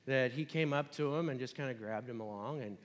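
A man's voice: medium pitch, a little fast. A man preaching a sermon in a casual, storytelling way with chatty asides. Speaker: pastor.

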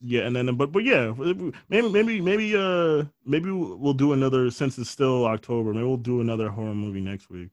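A man's voice: mid-range voice, moderate pace, few pauses, no room sound, highs cut off. A man co-hosting a podcast, casually and profanely recapping horror movies with jokey quoted voices. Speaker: podcast co-host.

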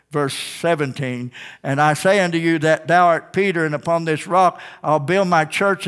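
High-voiced preacher in full swing. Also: male voice. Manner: preaching with rising emphatic swells and softer dropped passages; restarts and stumbles mid-sentence. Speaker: pastor. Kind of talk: sermon.

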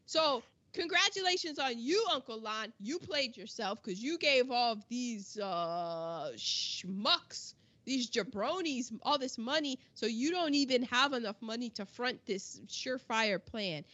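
A woman co-hosting a casual film discussion, telling the plot in an animated, exclamatory way and throwing in slang. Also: a little high, unhurried, lo-fi sound. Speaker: podcast co-host.

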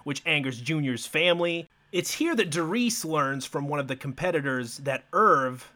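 A man's voice: fairly high pitch, lively intonation, normal speed, sharp tone. A man co-hosting a podcast, casually recapping a movie plot, laid-back, swearing freely and laughing often. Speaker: podcast co-host.

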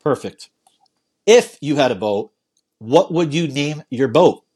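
A man hosting a casual podcast, easygoing and quick to laugh, often restarting his sentences. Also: fairly high pitch, lively intonation, dark tone, husky. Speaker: podcast host.

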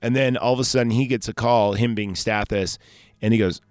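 A man's voice: lowish voice, fairly even intonation, fairly quick, a little mellow, no room sound, soft background music. A man hosting a casual solo podcast, recapping a film in a loose, rambling way and correcting himself as he goes. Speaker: podcast host.

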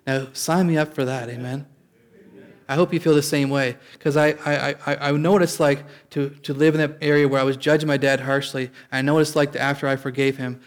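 A man's voice: medium pitch, steady tone, fairly quick. A man preaching a sermon as pastor, in a conversational way, often restarting and calling out for an amen.

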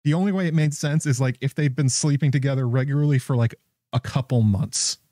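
Guy rambling through a tv recap, keeps laughing in disbelief, warm mellow voice. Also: mid-range voice, a little fast, no room sound, studio quality. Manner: incredulous, chuckling, rambling with restarts. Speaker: show recap host. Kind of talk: casual TV recap commentary.

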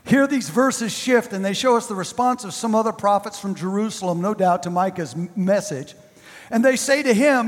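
High-voiced male preacher in a reverberant hall. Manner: emphatic, repetitive preaching with drawn-out stresses. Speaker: pastor. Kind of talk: sermon.

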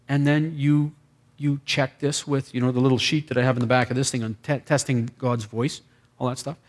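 A man who is a pastor telling a deliverance-prayer story in a sermon, acting out the dialogue with lively asides. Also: medium pitch, fairly quick.

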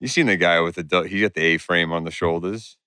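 A man's voice: low-pitched, fast talker, bright, forceful tone, clear, resonant tone, no echo, clean studio sound. A young man in casual chat, laid-back and rambling, laughing along.

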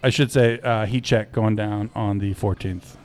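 A man's voice: fairly low pitch, steady tone, normal speed, a little mellow. A man co-hosting a podcast in a casual, joking chat and signing off the episode. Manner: upbeat, joking, wraps up the show. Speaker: podcast co-host.

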